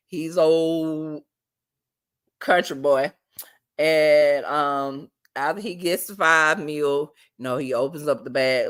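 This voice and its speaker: A woman's voice: sits low, clean tone. A woman casually recapping a TV episode for her viewers, chatty and laughing often. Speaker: show recap vlogger.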